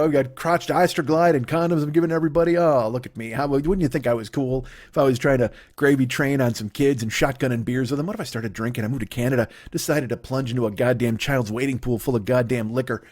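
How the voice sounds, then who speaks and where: A man's voice: mid-range voice, fast talker, a little mellow. A man in his forties from the United States doing a solo comedy podcast, ranting profanely and slipping into mocking put-on voices. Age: 40s. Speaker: comedian host.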